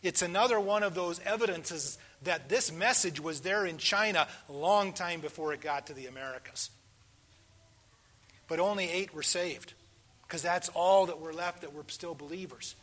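Delivering a sermon, this high-voiced man in his sixties questions his congregation directly. His delivery alternates between quiet pauses and forceful, loud stresses.

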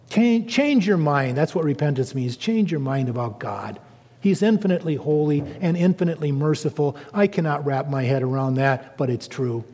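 A man preaching a sermon, animated and storytelling, rising to emphatic quotes. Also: a little high, in a large hall.

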